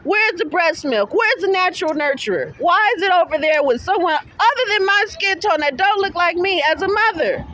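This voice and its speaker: A young woman with a very high, bright voice, pouring out an impassioned rant to the camera. Her delivery is emphatic and accusatory, with faint traffic noise behind her outdoors. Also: expressive, normal speed, few pauses, low-quality recording. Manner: emphatic and accusatory, shifting between low pleading and shouting. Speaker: mother appealing for her child's return.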